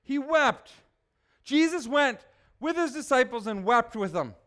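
Man preaching a sermon, high voice, emphatic, questions to the congregation. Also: lively intonation, unhurried, a bit bright. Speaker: pastor.

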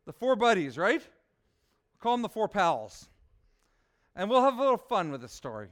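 A man preaching a sermon as pastor, asking his listeners rhetorical questions and swinging from soft to loud. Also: sits high, sing-song, moderate pace.

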